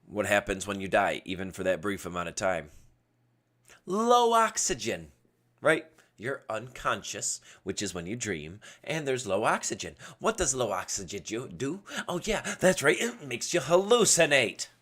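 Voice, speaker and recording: Man, low voice that swings up and down a lot, rambling solo podcast host talking at his webcam. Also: sing-song, moderate pace, a bit bright. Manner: rambling, goes off on tangents. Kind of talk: casual solo livestream podcast. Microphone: webcam setup at a computer.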